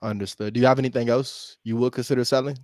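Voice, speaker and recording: A man working as a real estate wholesaler, chatting casually to his viewers between cold calls and talking fast with deliberate pauses. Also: medium pitch, fairly even intonation, darkish tone, no echo. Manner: fast talker who makes a point of pausing on calls. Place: at home with his dog nearby.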